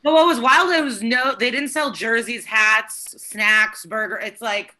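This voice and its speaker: Female host, brash and joking, bright tone. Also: a little high, measured pace. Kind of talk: casual storytelling chat.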